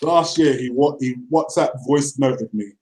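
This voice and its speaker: A man's voice: medium pitch, measured pace, darkish tone, poor audio. A man co-hosting a casual football chat, laid-back and teasing his friend. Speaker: co-host of a football channel.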